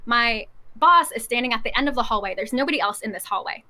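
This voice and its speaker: A young woman telling a story on a podcast, animated and laughing often as she acts out what people said. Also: fairly high pitch, quick pace. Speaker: podcast guest. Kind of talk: casual storytelling chat.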